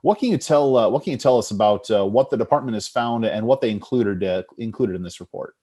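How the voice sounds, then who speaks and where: Low-voiced male news show host. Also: fast, warm tone, husky. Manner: conversational, frequent fillers. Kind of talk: news discussion.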